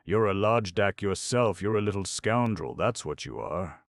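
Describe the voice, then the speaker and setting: A loud, blustering drunk young man, read by a man with a very deep voice. The voice is gravelly and the recording is dry and close, with a storybook feel. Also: expressive, a little slow, no echo, full character voice. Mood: shouting. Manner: blustering, raised voice.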